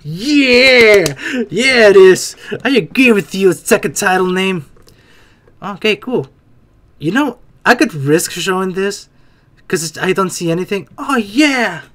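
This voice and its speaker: A man hosting a reaction video, talking casually and excitedly to himself with frequent exclamations and restarts. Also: high-pitched, slow.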